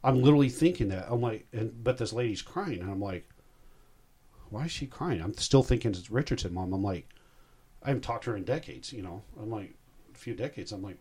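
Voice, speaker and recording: A man's voice: on the low side, a little fast, darkish tone, husky. A man in his sixties, a guest recounting a personal story in a rambling, heartfelt way. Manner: rambling, heartfelt, self-interrupting.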